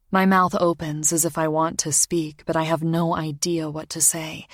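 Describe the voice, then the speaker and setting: A low-voiced woman reads a romance audiobook in a measured, intimate first person. Her delivery is steady and quiet. The recording is dry and close, with no room sound. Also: dry recording. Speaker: audiobook narrator. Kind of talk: scripted narration.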